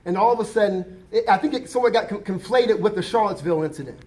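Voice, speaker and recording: A man's voice: high voice, expressive, fast talker, a little mellow. A man, a college diversity administrator, giving impassioned remarks at a campus forum, emphatic and repeating his key points.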